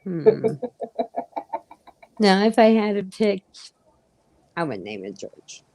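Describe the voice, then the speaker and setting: A middle-aged woman hosting a casual live chat, telling animated stories and acting out what people said. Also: medium pitch, slow pace, no room sound. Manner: animated storyteller acting out quotes. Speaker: host of a live crochet chat.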